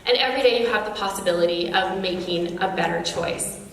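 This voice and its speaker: A woman's voice: mid-range voice, brisk, fairly bright tone, slight background noise. A woman guest speaker gives an earnest, encouraging motivational speech to an audience at a girls' sports awards, talking to them directly. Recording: echoey hall from far off.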